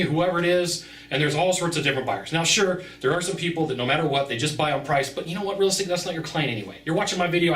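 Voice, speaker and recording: A man's voice: fairly high pitch, sharp tone, roomy sound, distant mic. A man giving brash, emphatic sales advice straight to the viewer in a vlog. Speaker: sales consultant. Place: outdoors.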